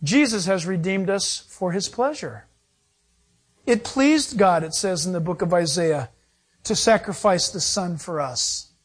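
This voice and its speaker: A man's voice: high voice, expressive, measured pace, slightly rough. A middle-aged male pastor preaching a sermon, acting out quotes and laughing as he goes.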